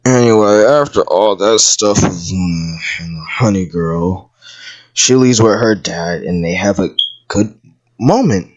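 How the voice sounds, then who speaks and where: A video commentator ranting through a show review, breaking into yelled outbursts, stammering repeats and frequent swearing. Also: low voice, a little slow, highs cut off. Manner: profane and exasperated.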